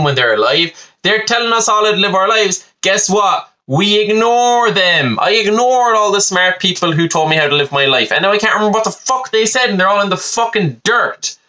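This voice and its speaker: A man's voice: sits high, sharp tone. A young man, hosting a podcast in a rambling, sweary and self-mocking comic monologue. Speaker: podcast host.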